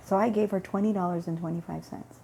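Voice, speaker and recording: In a casual vlog, a woman tells a long everyday faith story fast, her gravelly, dark voice lowish with fairly even intonation. She acts out each person's lines, rambles, and repeats herself, with faint hiss behind her.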